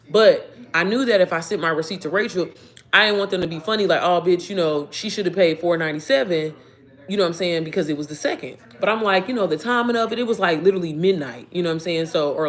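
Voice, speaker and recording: Fast-talking animated woman telling a story. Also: lowish voice. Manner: animated, profane, addresses viewers as y'all and baby. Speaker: online business coach. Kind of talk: casual storytime vlog.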